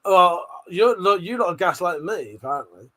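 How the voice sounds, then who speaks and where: A man's voice: high voice, animated, fairly quick, fairly bright tone. A man on a live stream, reading chat comments aloud in a brash, sweary, jokey way with frequent laughter.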